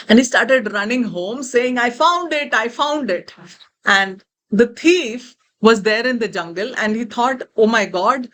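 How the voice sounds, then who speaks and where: A woman with an Indian accent retelling a spiritual parable in a lively way, with asides. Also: mid-range voice, slight background noise. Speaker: spiritual teacher. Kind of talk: storytelling in a spiritual talk.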